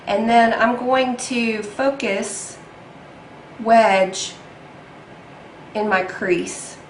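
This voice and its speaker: Young woman vlogger, unhurried and chatty, talking through an eye makeup tutorial in a roomy space with a faint hum. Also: mid-range voice. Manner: chatty and self-deprecating, with frequent ums. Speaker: beauty vlogger.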